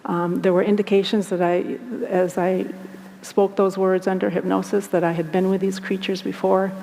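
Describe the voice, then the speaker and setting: A woman earnestly recounting personal experiences, speaking in a halting, reflective way. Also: medium pitch, little pitch movement, creaky, dark tone, a little hiss or hum. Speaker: guest recounting abduction experiences. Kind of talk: personal storytelling. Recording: long hall reverb.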